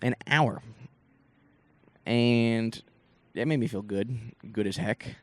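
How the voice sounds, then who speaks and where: A man's voice: mid-range voice, slow, no room sound. A young man from Northeast Ohio, a comedian, telling rambling stories on his solo podcast with lots of swearing and asides. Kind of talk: casual solo podcast storytelling.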